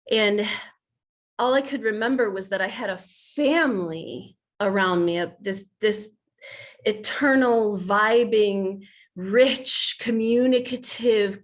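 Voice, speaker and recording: A woman in her fifties from the United States, a guest telling a personal spiritual story in an earnest, heartfelt way, often restarting her sentences. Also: medium pitch. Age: 50s.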